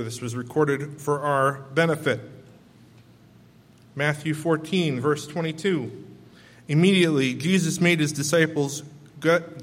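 A man with children, preaching a sermon: he reads scripture and pauses earnestly to explain it and talk straight to his listeners. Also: a little high, long reverb tail. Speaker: pastor.

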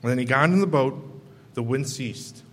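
Man preaching in a reverberant hall. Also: medium pitch. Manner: earnest, pauses to reflect and address listeners. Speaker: pastor. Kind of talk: sermon, reading and explaining scripture.

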